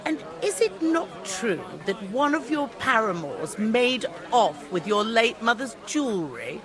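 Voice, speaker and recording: A woman's voice: on the high side, very animated, measured pace, crowd noise. A haughty, teasing noblewoman. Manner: arch, teasing. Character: haughty married medieval noblewoman, sharp-tongued. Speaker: noblewoman at a feast. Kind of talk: video game voice acting.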